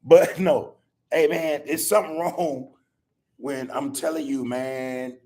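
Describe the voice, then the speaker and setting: A man's voice: a little high, fairly even intonation, takes it slowly, darkish tone. An older man hosting a podcast, telling stories in a casual, profane way and laughing often. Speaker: podcast host. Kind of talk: casual storytelling chat.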